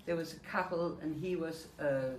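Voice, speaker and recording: Her deep, darkish voice moving at a moderate pace, an older woman from Denmark shares vivid memories from the war as a Holocaust survivor, voicing the dialogue herself. The talk takes place in an echoey room with a little background noise.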